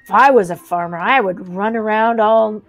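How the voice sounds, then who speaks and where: A woman's voice: mid-range voice, moderate pace, faint music behind, lightly acted. A woman voicing a goofy, cheerful little schoolboy who talks in a silly, playful way. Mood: goofy boy.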